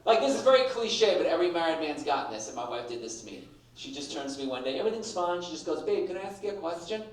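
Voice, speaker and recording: A man's voice: fairly high pitch, sing-song, quick pace, heavy reverb, recorded from a distance, poor audio. A middle-aged man doing a stand-up comedy set, brash and punchy, acting out voices. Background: audience laughter.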